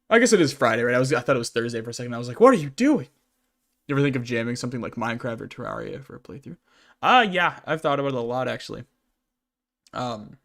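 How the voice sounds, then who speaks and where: The voice belongs to a young man who streams and hosts his own channel, here running a casual Q&A while gaming. It's medium in pitch and a bit bright, and his chatty, rambling talk is thick with fillers and restarts.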